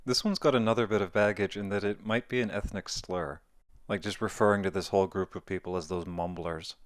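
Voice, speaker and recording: A man's voice: on the low side, steady tone, brisk, no room sound, clean studio sound. A man explaining a topic in a casual monologue, thinking aloud and correcting himself as he goes. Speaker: video essayist.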